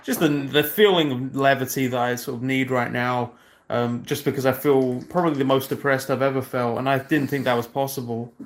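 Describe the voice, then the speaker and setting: A man's voice: mid-range voice, fairly even intonation, brisk. A British man of thirty-one chatting casually on a livestream, rambling and self-deprecating, with many fillers and restarts. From Britain. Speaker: streamer.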